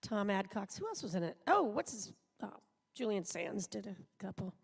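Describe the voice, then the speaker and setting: A woman's voice: medium pitch, very animated, normal speed, gravelly, husky. A woman voice actor telling rambling anecdotes at a live panel interview in a large convention auditorium. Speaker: voice actor guest. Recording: live hall sound, long reverb.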